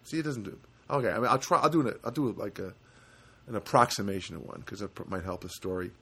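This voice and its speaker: A man's voice: on the low side, expressive, fast talker, fairly bright tone, breathy edge. A man delivering a sarcastic, rambling comedic rant with many restarts.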